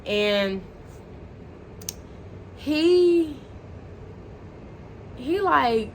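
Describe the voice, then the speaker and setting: A woman vlogger telling a dating story in a blunt, profane, animated way, acting out the dialogue as she goes. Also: sits high, drawn-out words. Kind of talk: casual storytime monologue. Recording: faint background noise.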